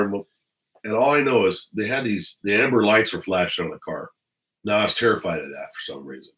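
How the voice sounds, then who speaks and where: Low-voiced, blunt, profane middle-aged man. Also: a little fast, fairly bright tone, rough recording. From Los Angeles area. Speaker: former police officer. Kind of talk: casual storytelling to camera. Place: at home indoors.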